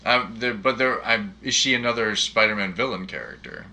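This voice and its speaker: Bright-voiced man chatting about movies. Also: lowish voice. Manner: animated, jokey, trades quick questions. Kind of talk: casual chat about a movie.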